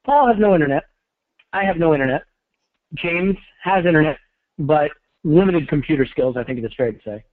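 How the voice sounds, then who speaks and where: A man's voice: a little high, lively intonation, fairly quick, long pauses, dry recording. Male host, dry joking manner, phoning in over bad cell reception. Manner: wry, self-deprecating. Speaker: podcast host. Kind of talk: casual podcast hosting. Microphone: phone call. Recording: tinny cell phone line.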